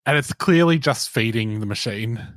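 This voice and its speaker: A man's voice: medium pitch, lively intonation, normal speed, a bit bright, no echo, studio quality. A young man, co-hosting a podcast in casual chat, telling stories in a wry, sardonic way. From Australia. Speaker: podcast co-host.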